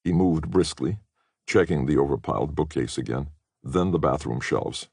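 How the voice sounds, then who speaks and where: A man reading a spy novel as an audiobook narrator, measured and expressive. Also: a bass voice, vocal fry, slightly rough, no room sound, studio quality. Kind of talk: scripted narration.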